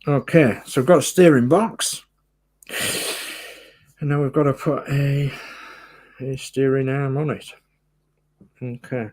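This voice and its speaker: A man's voice: medium pitch, steady tone, takes it slowly, long pauses, darkish tone. A man hosting a model-building livestream, chatting casually and muttering to himself as he works. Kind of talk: casual chat while building.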